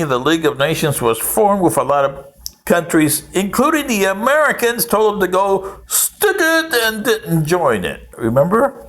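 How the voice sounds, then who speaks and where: A man's voice: high voice, fairly bright tone. A man, older, giving a rambling history monologue with sarcastic, mocking asides.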